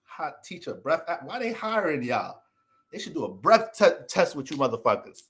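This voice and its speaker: A man's voice: on the high side, normal speed. An American man, an astrologer, ranting in a casual livestream, joking, cursing and laughing as he goes. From United States. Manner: profane, joking, animated.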